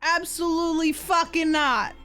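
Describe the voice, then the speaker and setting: A woman voicing a haughty, wealthy mob matriarch with a mock Greek accent, talking slowly and scoldingly. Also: very high-pitched, steady tone, pushed and bright, soft background music, voice pushed up. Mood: scornful. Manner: slow, grand and scolding. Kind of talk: comic impression on a livestream.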